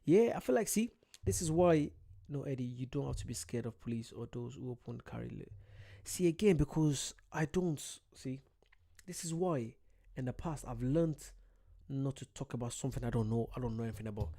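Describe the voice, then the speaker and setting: A young Irish man chats loosely through a livestream, with a mellow, warm tone. He reads viewer comments aloud and rambles. His jokes are at his own expense. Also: medium pitch, animated, brisk, gravelly. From Ireland. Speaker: streamer. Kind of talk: casual livestream chat.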